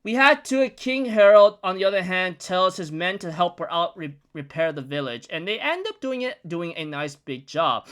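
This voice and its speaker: A man's voice: high-pitched, expressive, moderate pace, hardly any pauses, fairly bright tone, clean tone. A young man giving a casual, rambling recap of a comic chapter, chatty and full of fillers. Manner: chatty, rambling storytelling with frequent "like". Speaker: manga recap vlogger.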